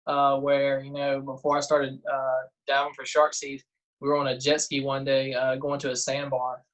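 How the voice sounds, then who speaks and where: A man, a guest in a casual interview, telling lively stories and acting out quotes. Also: medium pitch, moderate pace, dull audio. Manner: animated storyteller, acts out quotes, frequent "uh" and laughs. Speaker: guest diver and detectorist.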